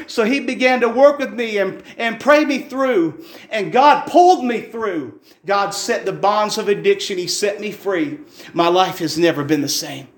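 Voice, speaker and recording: A man's voice: high voice, lively intonation, measured pace, reverberant. A man preaching a fervent, folksy testimony sermon in a church, repeating his phrases for emphasis.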